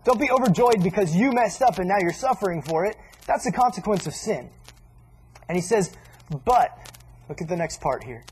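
A man preaching a sermon in a casual, animated way, acting out little asides as he teaches. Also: sits high, moderate pace, slightly rough, poor audio.

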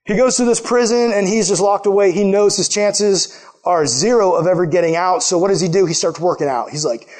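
A man with a fairly high voice preaches in a relaxed, chatty way. He tells a story to his congregation and slips into quick voices for the people in it. His delivery is lively and animated. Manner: lively, acts out quotes in put-on voices. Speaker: pastor. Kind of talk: casual sermon storytelling.

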